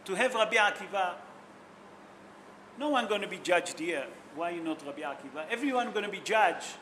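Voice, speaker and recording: A rabbi delivers a sermon in a high, bright voice, telling stories with feeling and putting questions to his audience. He speaks English as a non-native speaker, with simple grammar. A faint noise sits under the recording. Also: expressive, moderate pace. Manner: emotional storytelling, asks the audience questions.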